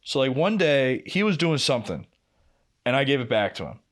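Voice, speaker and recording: A man's voice: mid-range voice, normal speed. Foul-mouthed young man telling stories. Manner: profane, animated storyteller who acts out quotes. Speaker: podcast co-host. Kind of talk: casual storytelling chat.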